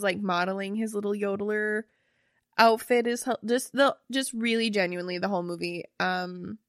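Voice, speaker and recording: A woman's voice: medium pitch, dry recording. Young woman co-host, loose chatty delivery with casual swearing, dead-dry recording. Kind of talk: casual chat.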